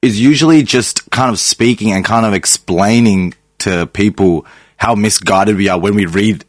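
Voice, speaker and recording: A young man with a fairly low voice speaks as a guest, thoughtful and quick to mock himself. He ponders big questions out loud, and the sound is close and dry. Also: no echo. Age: young adult. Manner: thoughtful, self-deprecating, ponders aloud. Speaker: podcast guest. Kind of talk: casual podcast chat.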